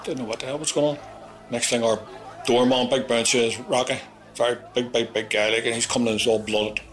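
A man's voice: medium pitch, fairly quick. A man with a Belfast accent from Northern Ireland, bluntly recounting a tense past night in casual, heavily sworn storytelling. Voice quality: blunt, profane, animated retelling with acted-out quotes. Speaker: interviewee recounting his past. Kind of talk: vivid storytelling, heavy swearing.

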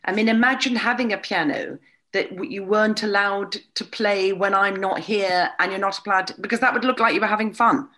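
A woman talking as an interview guest, animated and candid, with a wry, storytelling manner. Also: medium pitch, brisk. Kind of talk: casual conversation.

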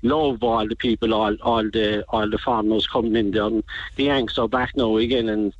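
Rambling Cork caller on a dull line. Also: male voice, on the low side, fairly even intonation, moderate pace, dry recording. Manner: rambling, repeats fillers like "you know". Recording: slightly dull phone line.

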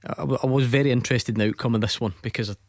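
A man's voice: medium pitch, fairly even intonation, racing, no room sound, studio quality. A man hosting a football phone-in show on radio, talking casually and hedging as he goes. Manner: chatty, hedging, self-correcting. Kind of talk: casual sports chat.

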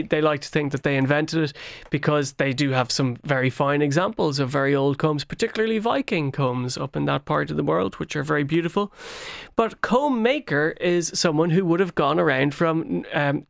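A man's voice: a little high, moderate pace, gravelly, dry recording. A man with a dry, close voice telling history with wry humor. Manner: playful storyteller with dry irony. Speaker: history expert on a radio show. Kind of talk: conversational explaining on air.

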